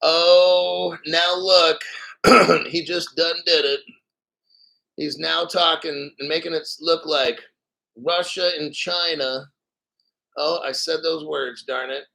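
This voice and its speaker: A man hosting a crypto video talks in a forceful, bright, somewhat high voice. He reads a news article and keeps cutting in with hyped, boastful reactions. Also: steady tone, slow pace, vocal fry, long pauses, rough recording. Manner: hyped, boastful, laughing often. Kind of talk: excited commentary reading an article.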